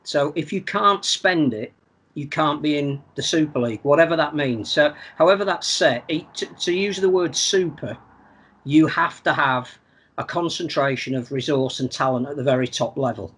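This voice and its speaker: Measured, analytical male rugby pundit. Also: fairly high pitch, fairly bright tone, husky. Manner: measured, analytical, repeats words as he thinks. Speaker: podcast pundit. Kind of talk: casual sports podcast chat.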